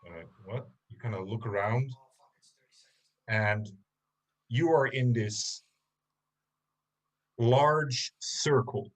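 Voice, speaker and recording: A man narrating a tabletop game as game master, in slow, halting narration with many fillers. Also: mid-range voice.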